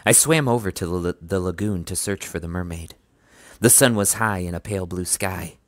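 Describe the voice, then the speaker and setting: Man, audiobook reader, deep voice, dry close recording, lively dialogue. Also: moderate pace, no echo. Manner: lively, raises pitch for dialogue. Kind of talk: reading a children's book aloud.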